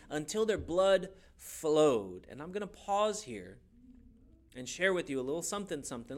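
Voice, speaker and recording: A man's voice: fairly high pitch, a bit bright. A man teaching a youth Bible class in a casual, joking way, asking the class questions as he goes.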